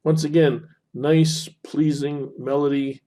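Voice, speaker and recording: A man with a mellow, warm tone walks through a poem in a recorded online lesson. He explains as he marks up the text, pausing on fillers and correcting himself as he goes. His pitch sits in a middle range. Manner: explanatory, talks while annotating, frequent fillers and self-corrections. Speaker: instructor. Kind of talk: screen-recorded teaching lesson.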